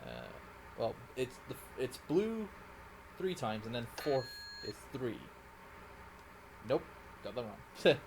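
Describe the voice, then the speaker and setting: A man's voice: medium pitch, very animated, slow pace, long pauses, background noise. A Scottish man casually commenting on a live game stream, rambling and correcting himself as he plays. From Scotland. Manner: rambling, self-correcting, giggly.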